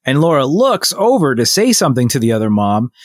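A man casually telling a long story on a podcast, animated and full of restarts, acting out what people said. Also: mid-range voice, a little fast, dry recording, studio quality. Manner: rambling, animated retelling with many restarts and quoted voices. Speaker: podcast co-host.

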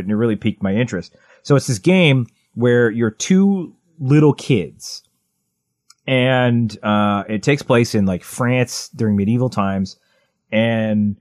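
A man in his thirties, co-hosting a podcast in casual chat, rambling excitedly with lots of "like" and restarts. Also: medium pitch, dry recording. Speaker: podcast co-host.

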